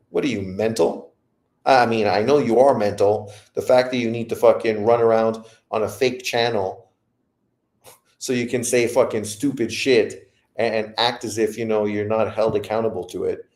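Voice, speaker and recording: A man's voice: on the low side, a little mellow, reverberant. A man hosting a boxing livestream who rants in profane commentary. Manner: profane, ranting. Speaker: boxing show host.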